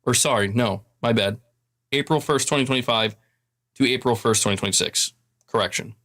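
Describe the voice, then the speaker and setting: A man's voice: mid-range voice, brisk, fairly bright tone. A man in a played clip giving opinionated gaming commentary, earnest and emphatic, lecturing his viewers.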